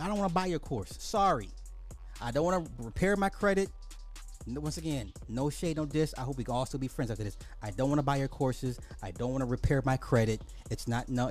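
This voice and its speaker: A man's voice: fairly high pitch, a little mellow. A man hosting a podcast, ranting bluntly in casual social commentary, full of profanity and sarcastic apologies. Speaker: podcast host.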